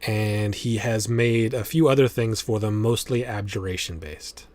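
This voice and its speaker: A man narrating a tabletop game as its game master, laying out scenes in a slow, unhurried manner. His voice is dry and close, with almost no room around it. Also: fairly low pitch, a little mellow, dry recording. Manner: measured, descriptive narration.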